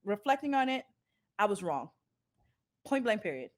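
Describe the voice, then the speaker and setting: A woman co-hosting a casual podcast chat, telling stories in an animated, blunt way with frequent laughter. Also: mid-range voice, moderate pace. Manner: animated storytelling, laughs a lot, blunt and profane. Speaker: podcast co-host.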